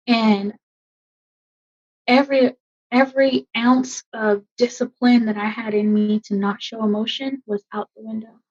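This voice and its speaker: A woman army veteran in her thirties, telling a personal story in a podcast interview, emotional and halting with many fillers. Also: on the high side, a little mellow, slightly rough. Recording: dull lo-fi sound.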